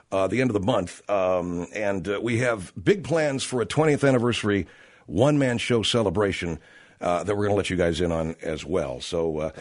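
A man plugging his own radio show in a breezy, rambling way. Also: medium pitch. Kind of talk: show promo.

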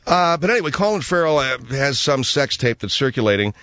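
A man's voice: mid-range voice, big pitch swings, fairly quick, pushed and bright, dry recording. A man hosting a comedy radio talk show, grumpy and sarcastic, rambling through stories.

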